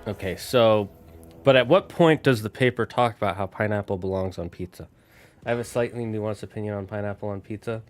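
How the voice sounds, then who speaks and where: A man's voice: lowish voice, brisk. A man streaming a video game while chatting loosely with his viewers in a rambling, casual way. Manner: rambling, talks straight to his chat. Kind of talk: casual live-stream chat while gaming.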